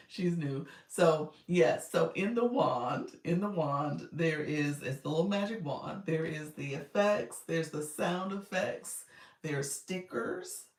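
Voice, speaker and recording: A woman's voice: sits low, expressive, slow, a little mellow, reverberant, recorded from a distance. A woman coaching viewers on a casual livestream, chatty and speaking straight to them as she reads out their comments. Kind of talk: casual live-stream coaching.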